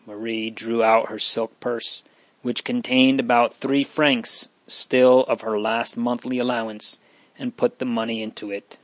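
Male audiobook narrator, measured and calm, dry sound. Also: mid-range voice, dry recording. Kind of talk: scripted narration.

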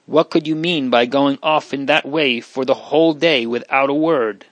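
A man voicing an impetuous, loyal teenage boy who speaks warmly. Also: mid-range voice, moderate pace, no room sound, voice pushed up, lightly acted. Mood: angry. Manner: impetuous, warm.

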